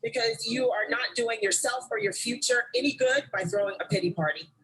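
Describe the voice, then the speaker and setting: Woman, motivational speaker, high-pitched, emphatic, direct to the audience, stage speech. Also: a little fast, fairly bright tone, husky, low-quality recording. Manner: emphatic, direct address to the crowd.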